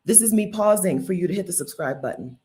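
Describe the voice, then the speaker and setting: A woman's voice: on the low side, animated, quick pace, mellow. A woman hosting a casual livestream, chatty and playful, laughing often and answering viewer comments. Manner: chatty with many asides and restarts. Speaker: livestream host.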